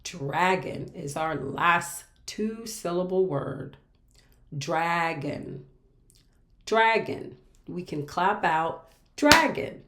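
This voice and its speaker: A woman teaching a reading lesson to children, speaking slowly and patiently and repeating each word with care. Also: on the low side, a bit bright, roomy sound, a little hiss or hum. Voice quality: patient, repeats words carefully. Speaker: special education teacher. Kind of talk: slow, clear classroom instruction for children.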